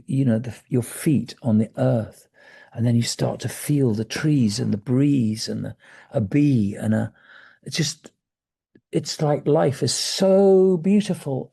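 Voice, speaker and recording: A man in his sixties speaking as a guest about breathwork, in a gentle, meandering way that sometimes drops to a soft near-whisper. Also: medium pitch, gravelly, husky. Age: 60s. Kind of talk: reflective conversational talk.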